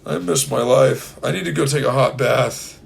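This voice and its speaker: A hoarse young man co-hosting a podcast in casual, playful, rambling chat. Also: medium pitch, normal speed, a little hiss or hum. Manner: playful, rambling, breaks into silly bits. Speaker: podcast co-host.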